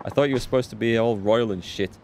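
A crude, loudmouthed street thug who jeers and taunts, as a man reads him out. The low voice is only lightly pushed up and louder than plain talk, like a gamer reading subtitles. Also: fast talker, slight background noise, close to an everyday voice. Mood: taunting. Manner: taunting, coarse. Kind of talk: reading game subtitles aloud.

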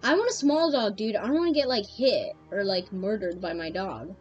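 A young woman streaming a game, chatting to her viewers in a loose, excitable way, laughing often. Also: medium pitch, normal speed, lo-fi sound, faint music behind. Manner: excitable, laughing, addresses chat. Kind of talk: casual game commentary.

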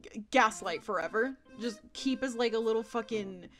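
Young woman vlogger, giggly and rambling, fairly high voice, faint music underneath, casual and loose with frequent swearing. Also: normal speed. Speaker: anime vlogger. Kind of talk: casual chat.

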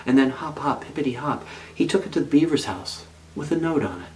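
A man's voice: medium pitch, lively intonation, brisk, darkish tone, a little hiss or hum, poor audio. A male pastor telling a children's story as part of his sermon, reading it aloud expressively.

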